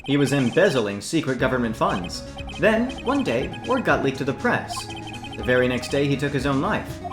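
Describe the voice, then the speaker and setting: An earnest young defense lawyer, voiced by a man during a game playthrough, direct and pressing, with a lively, rising and falling delivery. The voice has a roomy echo, with game music playing underneath. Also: mid-range voice, moderate pace, natural voice. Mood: accusing. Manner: earnest, accusing. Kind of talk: fan voicing of a game playthrough.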